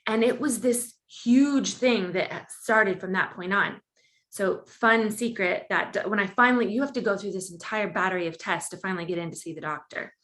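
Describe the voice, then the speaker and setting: A woman appearing as a podcast guest tells a personal story conversationally, voicing the quoted lines with large leaps in pitch. She speaks at a moderate pace with a fairly bright tone.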